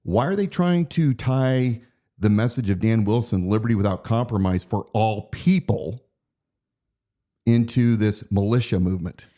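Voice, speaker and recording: A man's voice: lowish voice, moderate pace, dark tone. A man co-hosting a political podcast, talking earnestly and reading quotes aloud. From United States. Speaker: podcast co-host. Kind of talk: casual political podcast talk.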